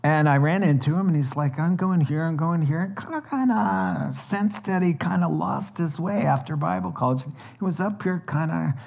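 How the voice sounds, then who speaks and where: A man preaching a sermon as pastor, telling stories with lively energy and acting out sounds and dialogue. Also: a little high, normal speed, creaky, few pauses, highs cut off.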